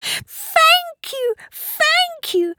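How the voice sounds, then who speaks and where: Casting: a clingy little girl, squeaky and tearful, storybook reading. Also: big pitch swings, drawn-out words, bright, forceful tone, dry recording, clean studio sound, full character voice. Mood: excited. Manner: high, pleading child voice.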